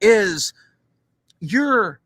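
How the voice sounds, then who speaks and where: A man co-hosting a podcast over a video call, rambling through a deadpan bit with plenty of restarts. His voice rises and falls a lot. The sound is dry and close. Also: sits high, drawn-out words, no room sound. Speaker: podcast co-host. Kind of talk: casual chat.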